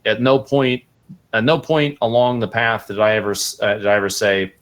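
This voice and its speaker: A young adult man with a fairly low voice tells a casual story as a podcast guest. He is animated and leaps up in pitch whenever he acts out what someone said. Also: normal speed.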